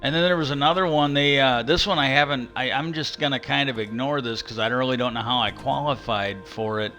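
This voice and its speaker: A man's voice: medium pitch, a little fast, bright, forceful tone, faint music behind. A man from Wisconsin, ranting and rambling with profanity on a casual live stream.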